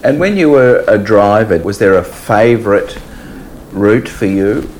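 A man's voice: fairly low pitch, measured pace, a little mellow, slight background noise, poor audio. A man interviewing a retired train driver with short, prompting questions. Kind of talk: oral history interview.

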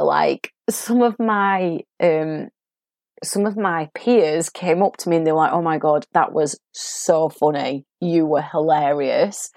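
A woman's voice: lowish voice, no room sound. Chatty Sheffield woman, dry sound. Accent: Sheffield English. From England. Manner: chatty, animated storytelling with laughs. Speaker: acting coach podcast host. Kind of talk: casual solo podcast talk.

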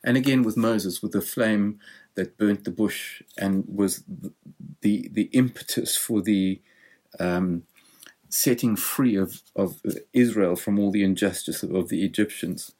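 Male preacher, lower register, reflective expository sermon delivery. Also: measured pace, darkish tone. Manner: thoughtful, explanatory preaching.

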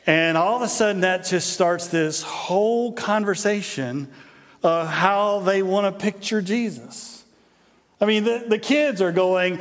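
Chatty middle-aged pastor in a reverberant church. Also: male voice, high-pitched, normal speed, a bit bright. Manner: conversational storytelling with humor, frequent repeated "and, and". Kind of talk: sermon. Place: church sanctuary. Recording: long hall reverb in a church.

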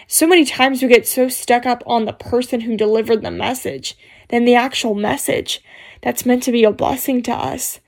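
A woman's voice: a little high, fairly even intonation, normal speed, creaky, darkish tone. A woman sharing a heartfelt faith message at home in a casual, rambling way, full of "you know" and "like". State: tearful near the end. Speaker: Christian vlogger sharing a devotional message. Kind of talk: casual faith talk, testimony. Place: at home, dog jumping on the bed.

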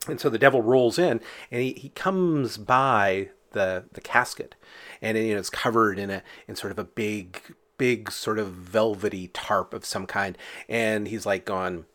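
A man's voice: lowish voice, a little slow, fairly bright tone. A man casually telling folk tales, chatty and full of fillers, acting out sound effects as he goes. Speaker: storyteller.

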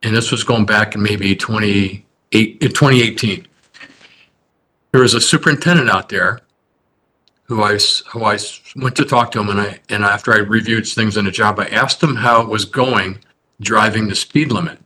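A man, a construction company president, telling stories in a measured, earnest way during a podcast interview. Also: fairly low pitch, fairly even intonation, bright, forceful tone, a little hiss or hum. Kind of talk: anecdotal storytelling in a podcast interview.

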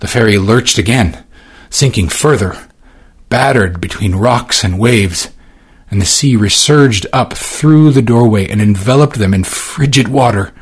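Husky low-voiced male audiobook narrator. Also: unhurried. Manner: dramatic, swinging delivery. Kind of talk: scripted narration.

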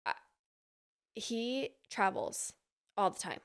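A woman's voice: medium pitch, sing-song, takes it slowly, clean tone. A woman from Utah, a podcast guest, telling a long gossipy story in casual chat and acting out the people she quotes.

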